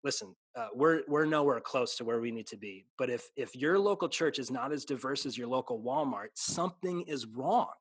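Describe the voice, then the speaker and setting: A man's voice: medium pitch, brisk, few pauses, husky, dry recording. A man who is a pastor in a casual conversation, speaking earnestly, restarting sentences and slipping into a preaching cadence. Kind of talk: casual chat.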